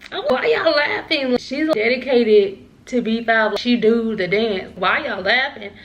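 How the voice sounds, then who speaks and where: A woman's voice: on the high side, a little slow. A young woman vlogger telling a casual storytime, rambling and repeating herself, laughing at herself now and then.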